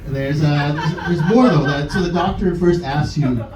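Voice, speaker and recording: A man's voice: fairly high pitch, normal speed, over a noisy crowd. A man doing a stand-up set on a comedy club stage, dry and self-deprecating. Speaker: stand-up comic. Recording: echoey club room from far off, noisy.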